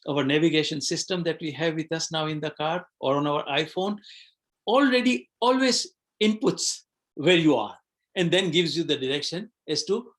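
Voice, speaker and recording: Guy coaching a live webinar over a computer mic, thoughtful, keeps asking the audience stuff. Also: on the high side. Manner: reflective, asks the audience questions, repeats words. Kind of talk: live online webinar talk.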